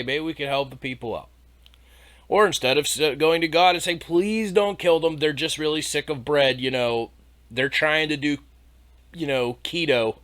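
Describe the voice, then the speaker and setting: A man with a slightly high voice tears into scripture in an irreverent comedy podcast. He swears freely, turns sarcastic and laughs at his own jokes. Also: fairly bright tone. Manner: reads scripture aloud then mocks it. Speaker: podcast host. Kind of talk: irreverent comedic Bible commentary.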